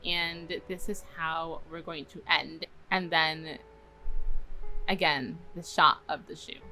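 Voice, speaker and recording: A woman's voice: low voice, steady tone, slow pace, bright, forceful tone, soft background music, poor audio. A young woman casually retelling and reworking story scenes, chatty and laughing often as she acts out bits of dialogue. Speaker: story reviewer.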